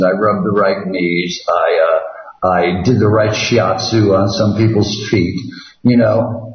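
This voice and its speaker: A man joking wryly as a guest on a radio show over a video call. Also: on the low side. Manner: joking, wry. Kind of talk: casual interview. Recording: echoey, distant and dull call audio.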